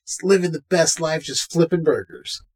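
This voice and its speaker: A man's voice: a little high, normal speed, slightly rough. A man co-hosting a podcast, casually recapping a film and acting out lines from its scenes. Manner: animated retelling, acting out quotes from scenes. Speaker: podcast co-host. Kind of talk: casual movie recap chat.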